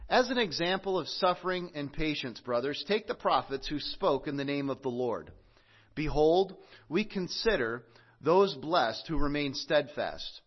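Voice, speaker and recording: A man preaching a sermon, earnest and measured, with emphatic pauses. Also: a little high, lively intonation, highs cut off. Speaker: pastor.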